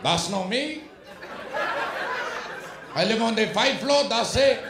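Young male Brooklyn comic, gravelly high voice, brash profane delivery, echoey club with loud laughing crowd. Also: expressive, takes it slowly, heavy background noise. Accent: Brooklyn New York. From Brooklyn, New York. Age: young adult. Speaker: stand-up comedian. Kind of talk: stand-up routine. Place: comedy club stage.

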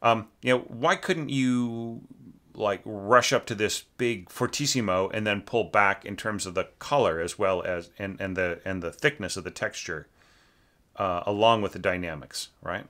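Low-voiced man critiquing an orchestral score. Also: steady tone, normal speed, a bit bright. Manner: rambling, fillers, sings motifs aloud. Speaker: orchestration teacher giving feedback. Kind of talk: casual spoken critique of a score.

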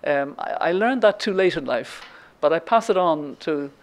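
With a deep, animated voice at normal speed, an Irish guest speaker in her seventies delivers a lecture. She tells a story along the way, stumbling into plenty of ums and restarts.

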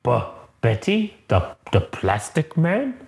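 A man doing a slow, confused green brute. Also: mid-range voice, wildly swooping pitch, vocal fry, a little mellow, reverberant, full character voice. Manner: halting, slow, simple speech. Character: confused hulking green male brute, childlike.

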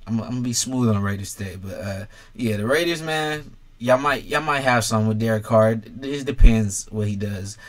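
A man's voice: fairly low pitch, normal speed. A young man in a casual sports vlog, ranking players bluntly with lots of swearing and talking straight to the fans. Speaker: sports commentator ranking quarterbacks.

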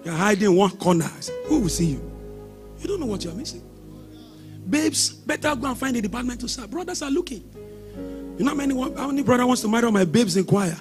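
Animated, high-voiced preaching pastor. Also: male voice, fast talker, over music. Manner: animated preaching with shouted exhortations and sing-song lines. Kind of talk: sermon.

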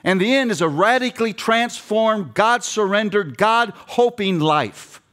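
A man's voice: high voice, lively intonation, unhurried, a bit bright. A middle-aged man preaching a passionate sermon with emphatic repetition, addressing seminary students. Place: seminary chapel.

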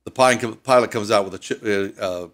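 A man's voice: on the low side, fast. Older Ohio man telling stories. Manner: chatty storyteller, animated, fond of doing accents. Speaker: air show pilot. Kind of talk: radio interview guest.

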